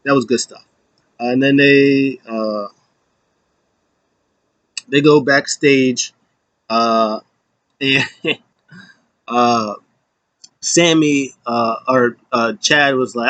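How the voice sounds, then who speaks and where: A man casually recapping a wrestling show, rambling and animated, with lots of fillers. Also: mid-range voice, drawn-out words, pauses often, no room sound.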